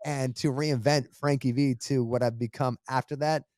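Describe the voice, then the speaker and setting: A man's voice: mid-range voice, fairly even intonation, normal speed, darkish tone, no room sound, clean studio sound. A middle-aged man, a radio host, telling his career story in a casual, earnest and emphatic way. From Boston area. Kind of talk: casual interview talk.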